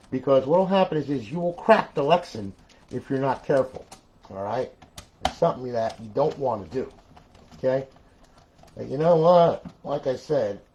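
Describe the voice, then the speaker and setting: A man's voice: medium pitch, dark tone, slight background noise. A man live-streaming a console repair, ranting in frustration, repeating himself and talking straight to his viewers.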